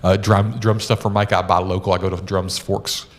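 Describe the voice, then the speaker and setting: A man's voice: sits low, little pitch movement, normal speed. A middle-aged man co-hosting a podcast, chatting casually and telling stories with lots of "uh" and "you know". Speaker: podcast co-host.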